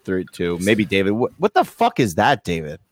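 A man from New York hosting a comedy podcast. He is excitable, swears freely and laughs a lot while chatting casually. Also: low-pitched, normal speed, no room sound. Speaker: podcast host.

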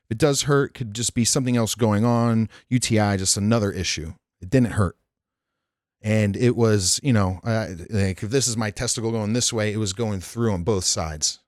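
A man's voice: lowish voice, moderate pace, no echo, clean studio sound. A man telling a candid personal story in casual podcast chat, frank and rambling, swearing freely. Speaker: podcast guest. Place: Nashville.

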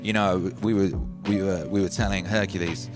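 Playful livestream host reading chat. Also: male voice, low-pitched, fairly even intonation, normal speed, over music. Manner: loose, playful, swings from loud hype to hushed musing.

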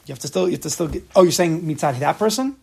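A man with a gravelly, husky voice pitched a touch above the usual, leading an informal religious lesson. He talks straight to his class and jumps into lively acted-out quotes as he teaches. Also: racing.

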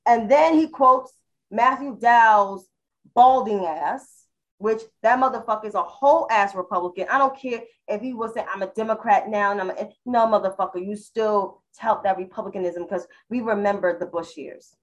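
A woman's voice: medium pitch, moderate pace, highs cut off. A woman co-hosting a panel talk show with a New York accent, ranting in a profane, mocking, fiery way. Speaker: podcast co-host. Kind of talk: heated casual panel chat.

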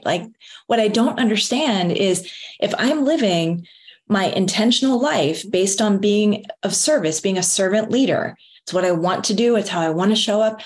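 A middle-aged woman telling a personal story in an earnest, motivational way, with lively emphasis. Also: mid-range voice, moderate pace. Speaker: wellness speaker. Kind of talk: motivational talk.

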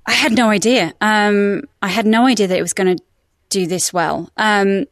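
A woman's voice: mid-range voice, normal speed, dry recording, studio quality. A woman who works as a voice-over artist, chatting upbeat and laughing often in a podcast interview. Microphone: studio microphone.

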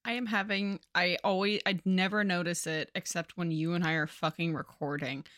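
A woman co-hosting a podcast, recapping a book in casual, profane, animated chat. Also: on the low side, normal speed, dry recording, clean studio sound. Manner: chatty, profane, animated storyteller. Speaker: podcast co-host.

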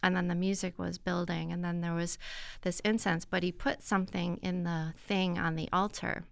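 A woman guest recounting a personal experience in an earnest, reflective way, with soft hesitations. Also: fairly low pitch, flat delivery, moderate pace, creaky, smooth, dry recording. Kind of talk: personal testimony in conversation.

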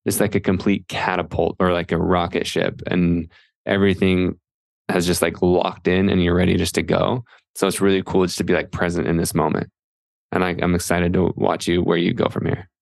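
Low flat gravelly guy hosting a podcast, excited and rambly, dry close sound. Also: normal speed, no room sound. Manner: enthusiastic, rambling, lots of fillers. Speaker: podcast host. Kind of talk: casual podcast interview.

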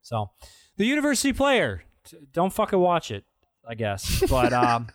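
A man's voice: medium pitch, wildly swooping pitch, moderate pace, no room sound, studio quality. A man co-hosting a casual movie review podcast, rambling, sarcastic and swearing freely. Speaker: podcast co-host.

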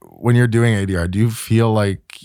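A chatty male interviewer with a lowish voice asks his guest questions with easy curiosity. He keeps an informal back-and-forth going. The sound is close and dry. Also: steady tone, a little mellow, smooth, dry recording. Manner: curious, chatty, quick to laugh and praise. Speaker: interviewer host. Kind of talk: casual interview.

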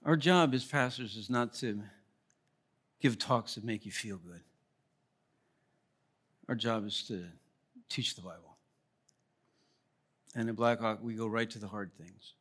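A man preaching a sermon as pastor, emphatic, asking rhetorical questions and swinging between loud appeals and quiet asides. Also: on the low side, a little slow, long pauses.

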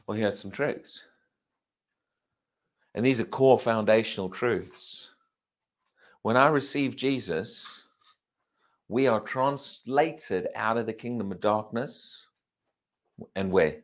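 Preaching in a fairly low-pitched voice, a pastor asks his congregation rhetorical questions. He tends to repeat himself, restart phrases, and stretch key words for emphasis.

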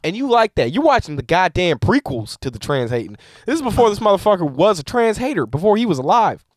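Man, comedian co-host, profane ranting, casual chat, lively pitch, dry studio sound. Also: fast talker, no room sound. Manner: animated, profane ranting with laughs.

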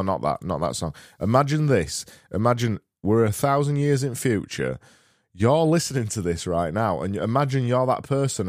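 A man's voice: on the low side, no room sound, studio quality. A man with a Yorkshire accent hosting a casual solo podcast, rambling, swearing and mocking himself. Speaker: podcast host.

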